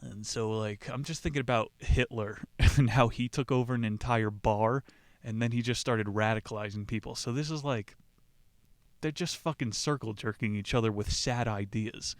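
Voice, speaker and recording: A man's voice: medium pitch, steady tone, moderate pace, dry recording. Irreverent, rambling man hosting a book podcast. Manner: irreverent, rambling, mocking, reads quotes aloud. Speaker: podcast host. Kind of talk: casual book commentary.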